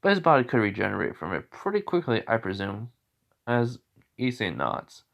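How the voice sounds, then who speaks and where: A man's voice: fairly low pitch, big pitch swings, moderate pace, creaky, fairly bright tone, lo-fi sound. A man narrating an improvised fan story in a rambling way, full of fillers and self-corrections.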